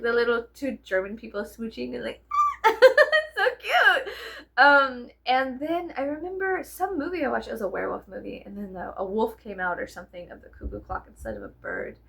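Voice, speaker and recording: A woman's voice: fairly high pitch, creaky, a bit bright, breathy edge. A young woman with a Southern US accent, chatting casually to camera at home, rambling, swearing, and slipping into whispers. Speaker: vlogger.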